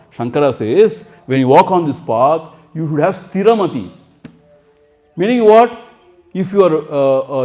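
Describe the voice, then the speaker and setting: A man's voice: on the high side, darkish tone. A man teaching scripture as a spiritual teacher, explaining terms word by word and acting out quotes. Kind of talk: scripture lecture.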